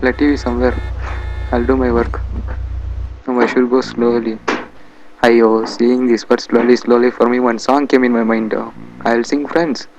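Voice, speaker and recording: A man's voice: mid-range voice, little pitch movement, normal speed, long pauses, muffled recording, background noise. A man with an Indian English accent doing a comic dub of a video game, bickering and muttering to himself as he goes.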